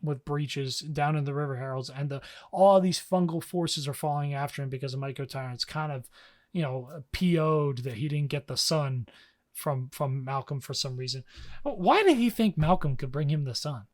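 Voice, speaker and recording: A young man co-hosting a podcast, recapping a story in a casual, slangy way and slipping into quick character voices. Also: a little high. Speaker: podcast co-host.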